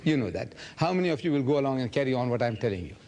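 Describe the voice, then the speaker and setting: A man in his seventies from Africa, answering audience questions in an animated lecture and acting out quoted dialogue. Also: mid-range voice, rapid-fire. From South Africa. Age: 70s. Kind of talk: public lecture Q&A.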